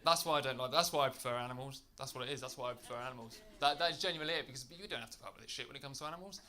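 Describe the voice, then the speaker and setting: A man from Britain performing a stand-up comedy set in a club, telling a chatty story with tag questions that bursts into shouted rants. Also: mid-range voice, racing. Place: comedy club stage with laughing audience.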